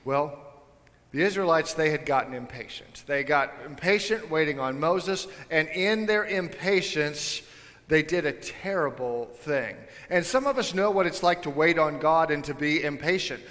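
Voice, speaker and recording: Conversational pastor with a high voice. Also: male voice, moderate pace, in a large hall. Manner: conversational, animated, jokey asides to the congregation. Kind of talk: sermon. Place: church sanctuary.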